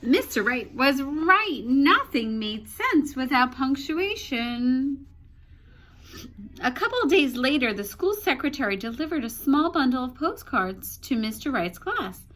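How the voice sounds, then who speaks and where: A woman teacher reading a picture book aloud to children, with expressive storytelling and small asides. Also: sits high, a little slow.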